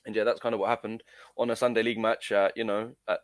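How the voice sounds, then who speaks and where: A young man with a fairly low pitch and flat delivery hurries through a casual story in an interview. He is an amateur footballer guest who hesitates a lot, filling gaps and starting over repeatedly. No echo is present.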